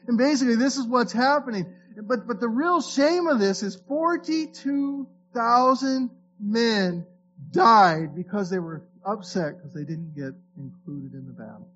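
A man's voice: extremely high pitch, lively intonation, a little slow, a bit bright, lo-fi sound, slight background noise. A man preaching a sermon in a conversational way, reading scripture aloud and often restarting his words. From Florida. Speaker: pastor.

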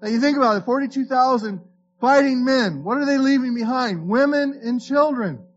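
A male pastor from Florida, his voice very high-pitched, preaches at a normal speed in a conversational way. He reads scripture aloud and keeps restarting his words, and the dull audio carries slight background noise.

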